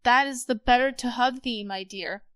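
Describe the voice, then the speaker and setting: A woman voicing a sly, hungry male wolf disguised as a grandmother, speaking soft, low and coaxing. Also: moderate pace, natural voice.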